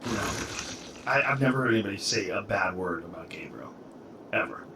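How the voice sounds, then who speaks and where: A man's voice: lowish voice, animated, a little fast, noisy background. Rambling male podcast host, distant mic. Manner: loose, rambling, says "like" often. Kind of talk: casual podcast chat.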